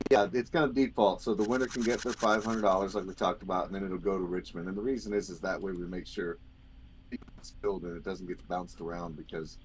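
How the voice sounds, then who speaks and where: A man with a somewhat low voice explains tournament plans casually, circling back over his points. He sounds easygoing and unhurried. Steady noise sits under the stream audio. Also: low-quality recording. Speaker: poker event organizer.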